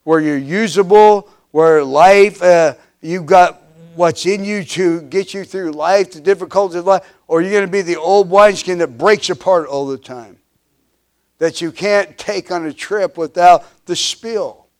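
A pastor in his fifties delivers a sermon in a voice pitched a little high for a man, speaking a little slowly. He drives home repeated refrains, his volume swelling and then dropping low, and he often restarts and fills gaps with "uh."

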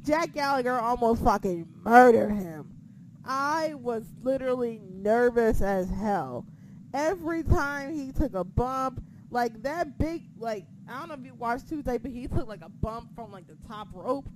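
Excitable, foul-mouthed young woman chatting. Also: on the high side, a little slow, background noise. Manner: excitable, profane, laughs a lot. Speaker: co-host of a wrestling chat. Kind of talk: casual chat.

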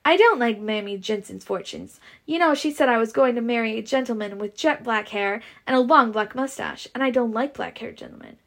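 A woman's voice: on the high side, a little fast, hardly any pauses, close to an everyday voice. Scarlett, a woman doing a coy young Southern belle. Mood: teasing.

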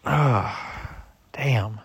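A man's voice: medium pitch, extremely slow, vocal fry, slight background noise. A young man venting in a profane personal rant, swearing heavily and griping in an exasperated way. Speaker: husband venting.

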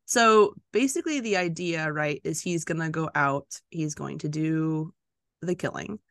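A woman's voice: deep voice, a little slow, fairly bright tone, no room sound, studio quality. A woman co-hosting a podcast, chatting casually about a book, rambling and laughing often. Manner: giggly, rambling storyteller. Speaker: podcast co-host.

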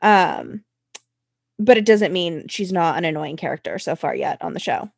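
A woman's voice: fairly low pitch, lively intonation, normal speed, vocal fry, darkish tone, breathy edge, no echo. A young woman in her twenties talks in a casual, emphatic way and swears freely. She sounds like a podcast co-host chatting about reality TV. Her voice is dry and close, with no room around it. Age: 20s or early 30s.

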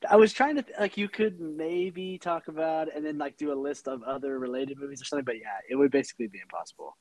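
Higher-voiced man co-hosting a podcast. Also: quick pace, dry recording, rough recording. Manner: laughs often, relaxed joking. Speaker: podcast co-host. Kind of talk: casual podcast chat.

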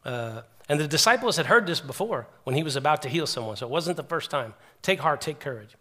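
A man preaching a sermon as a pastor, talking in a conversational storytelling way that swings from loud emphasis to hushed, quiet passages. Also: a little high, lively intonation, a little fast.

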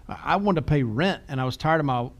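A man's voice: medium pitch, expressive, quick pace. A middle-aged man co-hosting a podcast, chatting casually and telling self-deprecating stories with frequent laughs. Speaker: podcast co-host.

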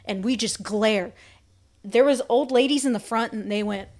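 Woman co-host, casual talk, lively storyteller who voices the people in her stories. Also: on the high side, moderate pace. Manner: animated storyteller, acts out quotes. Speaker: podcast co-host. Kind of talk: casual chat about acting.

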